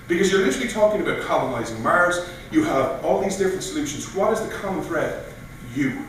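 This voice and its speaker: A man giving an animated speech at a political meeting, telling stories and acting out quoted voices. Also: on the high side, quick pace, a little hiss or hum. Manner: animated, storytelling with mock voices. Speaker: guest speaker. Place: meeting room. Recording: echoey room from far off.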